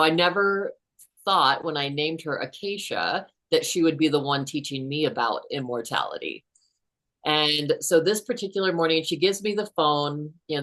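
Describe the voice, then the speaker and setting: A woman in her fifties with a notably low voice tells a personal story as a guest author. She speaks in an earnest, unhurried way. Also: a bit bright.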